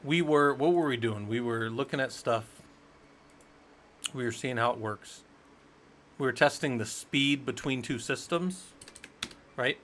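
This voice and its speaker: A man's voice: mid-range voice, a little slow, pauses often, a bit bright, a little hiss or hum. A man teaching a live-streamed Linux class in a loose, rambling, conversational way, talking straight to his chat viewers. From United States. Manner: rambling, conversational, tells stories with acted quotes. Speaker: livestream Linux instructor.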